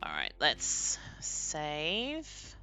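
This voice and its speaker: A young woman streaming a game and chatting casually, animated and laughing often. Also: low voice, extremely slow, soft background music. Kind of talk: casual live-stream chat.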